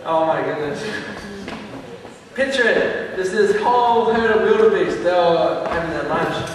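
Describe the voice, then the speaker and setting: A man performing stand-up comedy on stage, telling animated stories and acting out voices. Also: high-pitched, measured pace. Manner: acts out voices, animated storytelling. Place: large hall on stage. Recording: echoey hall, distant mic, faint hiss.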